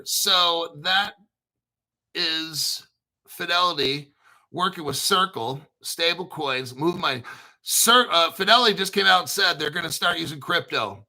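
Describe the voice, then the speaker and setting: A man hosting a crypto video show, talking in an excitable, rambling, profane way. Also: fairly high pitch, low-quality recording. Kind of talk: casual profane commentary.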